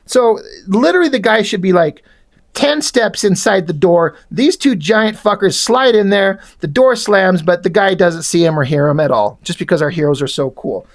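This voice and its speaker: A man reads through a comic while tearing into it with dry, sarcastic commentary. His asides are deadpan and peppered with swearing. He sounds casual and conversational, like a review made for laughs. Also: sits high, normal speed.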